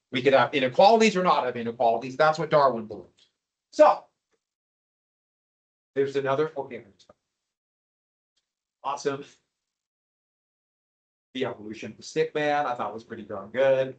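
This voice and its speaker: A man's voice: medium pitch, normal speed, long pauses, highs cut off. A male history teacher giving a classroom lecture, joking with his students and teasing them with questions.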